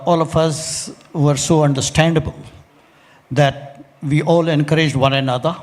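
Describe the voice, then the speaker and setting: An older man with an Indian English accent, a former cricketer telling a story on stage, halting with many pauses. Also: on the high side. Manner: hesitant, many "uh" pauses, chuckling. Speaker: former cricketer, panel guest. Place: large indoor awards hall. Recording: reverberant hall.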